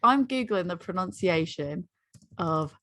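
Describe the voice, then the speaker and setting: An American woman co-hosting a podcast in casual chat, animated and playful, often giggling. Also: on the low side, unhurried. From United States. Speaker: podcast co-host.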